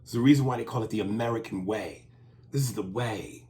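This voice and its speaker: A man's voice: fairly low pitch, brisk, dark tone, reverberant, a little hiss or hum. A man co-hosting a podcast in casual chat, crude and joking, often acting out lines. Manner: crude, joking, acts out lines in silly voices. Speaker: podcast co-host.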